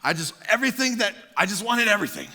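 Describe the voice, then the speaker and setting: A man preaching a sermon, telling a comic personal story in an animated way with acted-out quotes, in a large church auditorium. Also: high-pitched, fast talker. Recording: long hall reverb.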